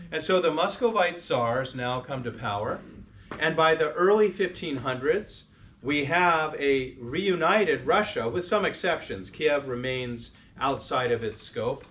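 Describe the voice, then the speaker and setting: A man's voice: mid-range voice, a bit bright, slight background noise. A man giving an informal history lecture to a parish group, talking conversationally with restarts and questions to the listeners. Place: parish hall or church.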